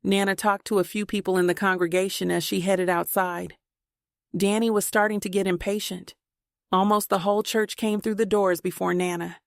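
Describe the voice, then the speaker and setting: A woman narrating a novel in steady, plain storytelling, recorded on a close mic. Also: medium pitch, normal speed, gravelly, no echo. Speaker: audiobook narrator. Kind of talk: scripted narration.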